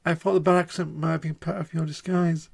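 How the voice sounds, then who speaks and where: A man's voice: a little high, little pitch movement, fairly quick, gravelly, darkish tone, breathy edge. A man voicing a nervous female music store clerk in a video game, stammering and trembling as he reads her lines aloud on stream. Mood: flustered.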